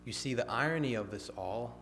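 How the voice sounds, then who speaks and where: A man preaching a sermon, swinging from emphatic, raised lines to hushed, near-whispered ones. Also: medium pitch, brisk, a little hiss or hum.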